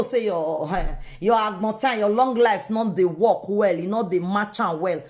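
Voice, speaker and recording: A woman with a Nigerian accent talking straight to her viewers in a casual, animated monologue that switches between English and Pidgin. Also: on the high side. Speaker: vlogger.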